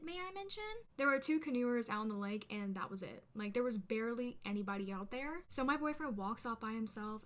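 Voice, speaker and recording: Chatty young woman telling a story. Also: fairly high pitch. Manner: chatty, animated, lots of "like" fillers. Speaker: vlogger. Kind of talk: casual storytime chat to camera.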